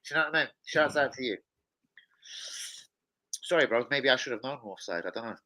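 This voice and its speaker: A young man hosting a live football watch-along, swearing heavily and bursting into shouts of frustration. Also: medium pitch, animated, fairly quick. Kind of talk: casual live football reaction.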